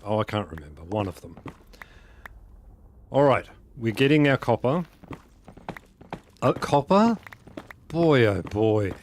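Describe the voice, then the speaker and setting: A man's voice: lowish voice, lively intonation, moderate pace, pauses often, a little hiss or hum. A man chatting casually and joking with viewers as he plays a game on a live stream, often laughing at his own jokes. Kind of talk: casual live-stream commentary while playing.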